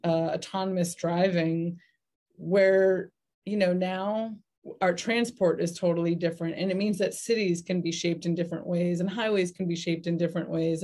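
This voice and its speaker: A middle-aged woman with a somewhat low voice, speaking as a guest on an interview podcast. She talks in a thoughtful, conversational way, pausing often on ums and restarting her sentences. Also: a little mellow. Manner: thoughtful, many fillers and restarts. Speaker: venture investor guest.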